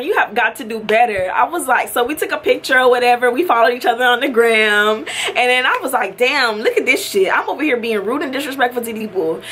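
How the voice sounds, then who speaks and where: A woman's voice: fairly high pitch, pushed and bright, slight background noise. A young woman, a makeup artist, telling a story to her camera in a casual vlog, acting out both sides of the conversation and laughing often. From Florida. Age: young adult.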